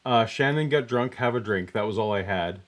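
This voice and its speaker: A man co-hosting a casual livestream chat, talking in a relaxed, hesitant way and laughing now and then. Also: fairly low pitch, a little fast. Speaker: co-host.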